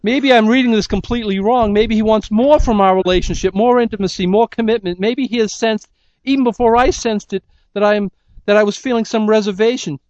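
A man voicing an anxious young woman who second-guesses her relationship out loud. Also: high-pitched, fairly even intonation, dry recording, lo-fi sound, voice pushed up, lightly acted. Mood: fretting. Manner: worried, second-guessing, rushing questions.

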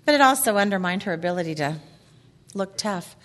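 Bright, chatty woman giving a faith talk. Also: mid-range voice, animated, fairly quick. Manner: chatty, laughing often, reading quotes aloud. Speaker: women's ministry speaker. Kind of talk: casual faith talk to a group.

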